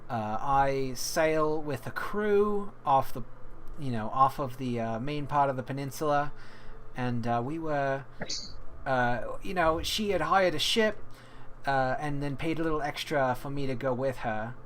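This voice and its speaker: A man's voice: mid-range voice, a bit bright, a little hiss or hum, natural voice. A man playing a wounded pirate first mate woman. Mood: pained. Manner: halting, pained, full of fillers.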